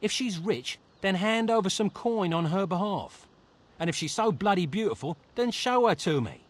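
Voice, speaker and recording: An actor playing a selfish, sarcastic rogue bard in a fantasy game, dry and dismissive. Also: male voice, sits high, expressive, moderate pace. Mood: greedy. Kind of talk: game voice acting.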